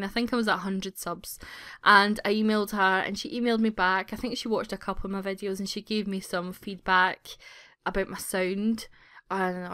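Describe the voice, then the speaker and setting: A woman hosting her own channel, talking casually and warmly to viewers, gushing with gratitude and rambling with little restarts. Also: mid-range voice, clear, resonant tone, no echo, studio quality. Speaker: YouTube gaming channel host. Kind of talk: casual chatty vlog.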